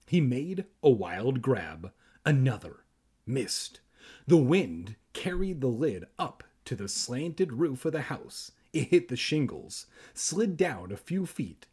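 A man's voice: mid-range voice, warm tone, slightly rough. A man reading a children's horror book aloud for laughs, in a rambling, self-mocking and tipsy manner with jokey asides.

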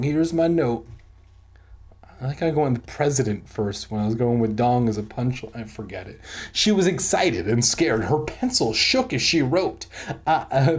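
A man giving a comic reading of a children's horror book, breaking off for deadpan crude asides between dramatic narration. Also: on the high side. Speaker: comic reader.

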